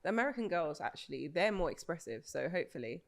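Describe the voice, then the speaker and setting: A woman with a slightly low voice sits in on a casual podcast. She chimes in with short, playful remarks and laughs along. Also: very animated, quick pace, gravelly. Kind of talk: casual chat.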